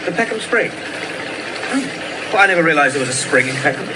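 A man's voice: a little high, animated, normal speed, natural voice. Sardonic exasperated brother, played by a man. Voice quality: sarcastic, condescending. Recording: TV clip with background noise.

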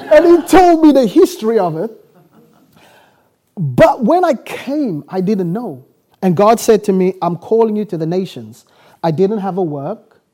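A preacher from South Africa telling his story in a sermon, acting out the dialogue and breaking into quick laughs. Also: sits high, dark tone.

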